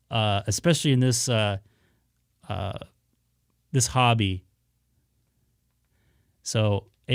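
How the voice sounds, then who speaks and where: Easygoing male streamer, mid-pitched, crisp clear voice, rambling talk to his viewers. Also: no room sound, studio quality. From Southern California. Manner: rambling, many "uh" fillers, easygoing. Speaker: ham radio live streamer. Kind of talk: casual live-stream chat to viewers.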